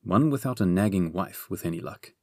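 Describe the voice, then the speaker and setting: A man voicing a gloomy, henpecked young physician who grumbles quietly in a storybook reading. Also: low voice, expressive, fairly quick, no room sound, studio quality. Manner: glum, grumbling, muttered.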